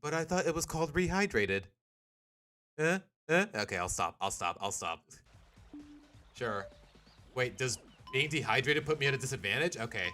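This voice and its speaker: A man's voice: medium pitch, normal speed, pauses often, faint music behind. Jokey young male game streamer. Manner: animated, jokey, slips into silly accents. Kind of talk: casual live-stream chat.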